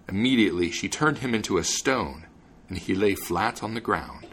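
A man hosting a podcast, narrating a fairy tale in an expressive reading voice. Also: low voice, a little fast, slightly rough. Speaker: podcast host and reader. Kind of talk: storybook narration.

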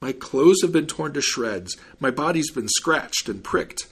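A man voicing a whining old male peddler in a high, pleading voice. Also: lively intonation, a little slow, fairly bright tone, slightly rough, exaggerated voice. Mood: wailing.

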